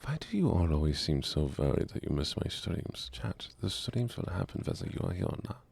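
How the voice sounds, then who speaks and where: Soft-spoken man, very deep, gravelly. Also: sing-song, fairly quick. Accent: put-on German. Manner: gentle, reassuring, half-whispered chat with viewers. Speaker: streamer. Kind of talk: soft-spoken gaming stream.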